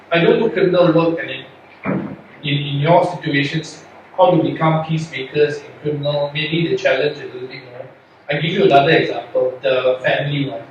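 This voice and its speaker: A man, a lawyer, giving an earnest, rambling talk to young lawyers, full of rhetorical questions. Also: a little high. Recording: echoey hall from far off, faint noise.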